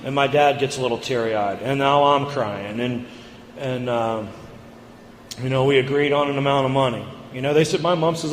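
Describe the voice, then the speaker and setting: A man giving an earnest personal recovery share at a meeting, halting and repeating words as he goes. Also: mid-range voice, a little hiss or hum. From United States. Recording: echoey hall, long reverb.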